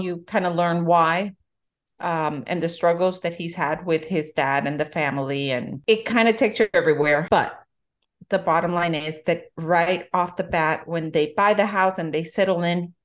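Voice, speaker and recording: A middle-aged woman co-hosting a casual movie-review chat, an animated storyteller who acts out the quotes. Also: fairly low pitch, moderate pace. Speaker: podcast co-host.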